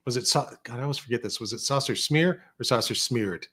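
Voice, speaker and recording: A man's voice: mid-range voice, fairly quick, fairly bright tone, breathy edge. A man on a podcast in a studio, telling rambling stories in casual chat, full of restarts and quoted dialogue. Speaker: podcast guest, filmmaker.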